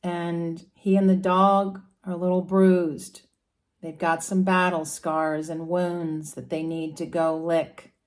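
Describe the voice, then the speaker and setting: Slow-talking woman telling an astrology tale. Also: fairly low pitch. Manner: casual, with animal characters and fillers. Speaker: astrology storyteller. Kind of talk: storytelling explanation.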